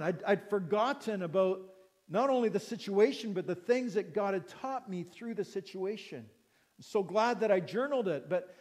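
A middle-aged pastor with a high voice delivers an earnest sermon at an unhurried pace. He repeats his phrases and keeps asking questions of his listeners. His voice rings with the long reverb of a large church hall. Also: darkish tone.

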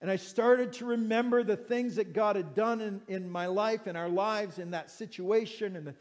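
A man's voice: sits high, moderate pace, a little mellow. A middle-aged man preaching a sermon as pastor, earnest, repeating phrases and putting questions to his listeners. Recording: long reverb of a large hall.

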